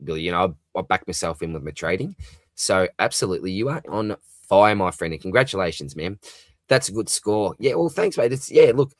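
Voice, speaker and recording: Aussie male stream host, low register, dry close sound, casual and chatty, answers comments one by one. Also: expressive, brisk, no room sound. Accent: Australian. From Australia. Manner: chatty, reads viewer comments aloud and answers them, says "mate" often. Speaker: livestream host. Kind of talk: casual live talkback chat.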